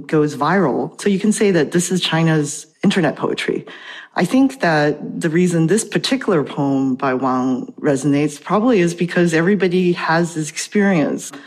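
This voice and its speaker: A woman's voice: deep voice, darkish tone. Articulate woman academic on a remote line. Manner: articulate, explanatory, reads poetry aloud. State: out of breath. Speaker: professor and translator, guest. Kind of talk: interview over remote line.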